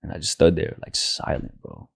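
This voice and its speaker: A man's voice: moderate pace, fairly bright tone, dry recording, studio quality. A man telling a personal story in casual slang, saying "bro" nearly every line, speaking into a handheld mic. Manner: slangy, says "bro" constantly. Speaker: podcast co-host.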